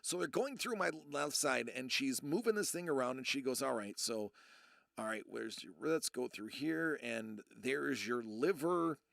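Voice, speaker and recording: A gravelly, bright-toned man in his thirties tells a long personal story to his live chat. He rambles, restarts his sentences and drops his voice low when quoting others. The sound is dry and close. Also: animated, a little slow, no echo. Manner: rambling, self-interrupting, acts out quotes in a low voice. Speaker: streamer.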